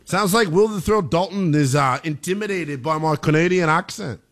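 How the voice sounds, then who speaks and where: A man's voice: a little high, moderate pace. A man hosting a sports talk radio show, brash and joking, hyping his segments.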